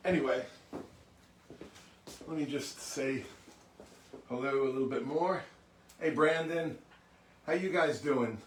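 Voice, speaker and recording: A man's voice: mid-range voice, slow, long pauses, far from the mic. Chatty man greeting livestream viewers, roomy. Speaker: musician hosting a livestream. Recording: roomy sound from off mic.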